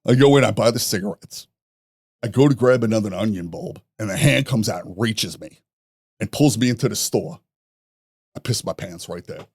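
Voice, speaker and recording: A man, a podcast guest telling rough stories in a profane, animated way, laughing at his own jokes. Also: on the low side, moderate pace, no echo, clean studio sound. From New York. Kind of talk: casual storytelling.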